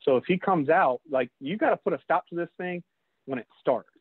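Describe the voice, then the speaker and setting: A man's voice: fairly high pitch, lively intonation, fairly quick, slightly rough, no room sound. A man, a lacrosse official, leading a casual training session and talking straight to the group, calling them guys. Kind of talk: casual instructional talk. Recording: dry, tinny phone-like line.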